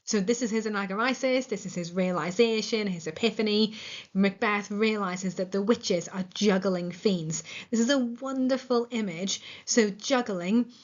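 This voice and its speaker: Northern Irish woman, literature teacher, eager explainer, mid-pitched, slightly dull lo-fi sound. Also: normal speed. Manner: enthusiastic, explanatory, with frequent ums. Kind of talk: explaining a play line by line.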